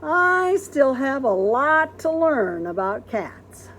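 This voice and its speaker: An earnest, wide-eyed young housekeeper speaks politely in a storybook, as a woman reads her. Her pitch swings up and down with plenty of life, and she sounds sincere and a little puzzled. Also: big pitch swings, takes it slowly, fairly bright tone, a little hiss or hum, exaggerated voice. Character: literal-minded cheerful young housekeeper woman.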